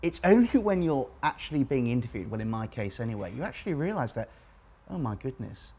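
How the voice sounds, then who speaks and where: A man from England in his forties with an English accent. He speaks as a co-host in a relaxed panel chat, and his tone is reflective and thoughtful. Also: medium pitch, quick pace.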